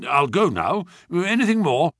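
A loyal, hot-tempered friend speaks up eagerly and emphatically, his voice lively and leaping in pitch, as a man plays him in an audiobook. The sound is bright, slightly husky and recorded dry. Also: measured pace, no echo, full character voice. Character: loyal, indignant male friend of the detective. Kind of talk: audiobook character reading.

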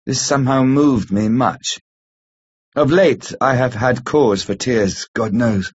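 A man narrating a classic novel as an audiobook reader in a measured, gentle storytelling manner. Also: mid-range voice, breathy edge. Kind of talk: scripted narration. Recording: slightly muffled lo-fi recording.

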